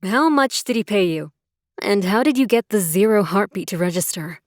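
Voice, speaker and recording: A woman's voice: medium pitch, lively intonation, normal speed, no room sound, studio quality, lightly acted. A woman reading a curt, suspicious hospital worker. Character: wary, annoyed adult woman hospital worker. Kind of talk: audiobook character voice.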